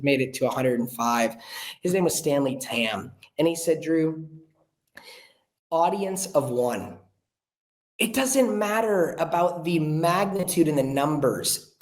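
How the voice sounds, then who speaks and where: A young man, a podcast guest, telling a story in an earnest, animated way and acting out the voices of the people he quotes. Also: on the high side. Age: young adult. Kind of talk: casual storytelling chat. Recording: roomy echo.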